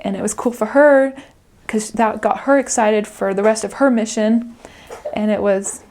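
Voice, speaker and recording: A young woman talks about her time as a missionary in an interview. Her voice sits at an everyday middle pitch, and her delivery is earnest but casual. She laughs often as she speaks. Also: fairly even intonation, normal speed, a little mellow. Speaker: returned missionary. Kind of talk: interview reflection.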